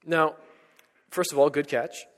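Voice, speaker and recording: A man preaching a sermon as pastor, earnest, building to emphatic peaks and dropping to hushed lines. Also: fairly high pitch, steady tone, a little slow. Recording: long hall reverb.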